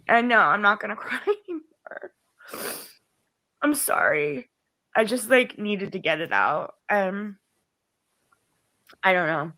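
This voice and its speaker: A woman venting on a livestream, exasperated and sarcastic. Her voice is bright and tense, and it jumps up high when she gets heated. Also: animated, slow, long pauses, no room sound, rough recording. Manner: exasperated, rises sharply when upset, sarcastic. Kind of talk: frustrated livestream rant.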